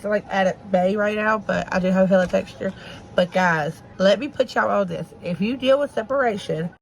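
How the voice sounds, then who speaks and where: A woman's voice: medium pitch, vocal fry, slight background noise, rough recording. A woman, chatting casually to viewers as she does her makeup at home. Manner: chatty, talks straight to viewers while doing makeup. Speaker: makeup vlogger. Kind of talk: casual get-ready-with-me chat. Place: home, children around.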